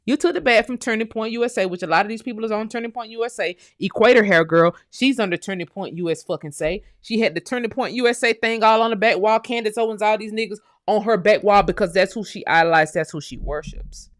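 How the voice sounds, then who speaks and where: A woman, from the United States, holding forth on her live show. She drives points home with profanity and repeated phrases, in a mid-pitched voice recorded dry and close. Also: fast talker, hardly any pauses, no echo. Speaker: host. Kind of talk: heated live-stream rant.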